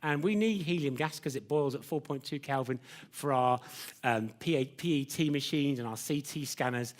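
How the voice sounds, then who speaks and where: In a lecture theatre full of people, a man gives a live science demonstration lecture, chatty and joking as he teases his assistant. His voice is medium in pitch and he talks at a normal speed.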